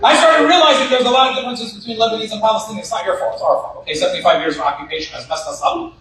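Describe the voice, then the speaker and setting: A man doing stand-up in a large banquet hall, with a high voice and an animated, punchy way of telling stories. He sounds far from the mic, and the hall echoes heavily around him. Steady background noise fills the room. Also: rapid-fire. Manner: animated, punchy storytelling with repeated asides. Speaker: stand-up comedian. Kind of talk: stand-up comedy.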